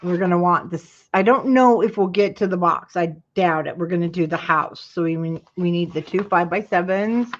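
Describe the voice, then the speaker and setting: A woman's voice: on the low side, normal speed, hardly any pauses, highs cut off. A woman hosting a live craft tutorial, chatting to her viewers while she works and yawning now and then. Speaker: craft class host.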